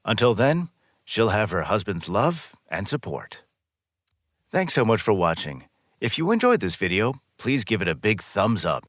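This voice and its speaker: A man reading a scripted story as narrator in a smooth, even storytelling manner, close to the mic. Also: fairly low pitch, measured pace, no room sound.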